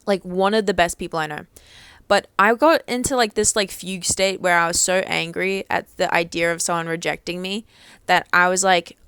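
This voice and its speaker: A woman's voice: lowish voice, steady tone, moderate pace, fairly bright tone, clean tone, no room sound. A young woman vlogger talking casually to camera, rambling with lots of "like" and freely swearing.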